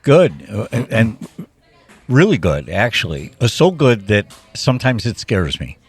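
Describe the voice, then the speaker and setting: A man's voice: fairly low pitch, very animated, unhurried, slightly rough, soft background music. A man co-hosting a podcast, chatting casually and animatedly, stumbling over his words as he thinks aloud. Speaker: podcast co-host. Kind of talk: casual chat.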